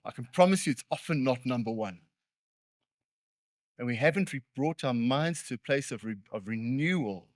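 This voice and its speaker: A man's voice: medium pitch, no room sound. A man preaching a sermon in a conversational way, with earnest emphasis and joking, self-deprecating asides. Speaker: pastor.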